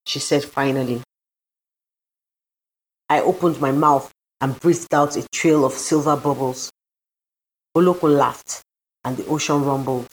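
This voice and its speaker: Low-voiced woman narrating a dramatic story. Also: steady tone, unhurried, pauses often, low-quality recording. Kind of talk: scripted first-person audiobook narration.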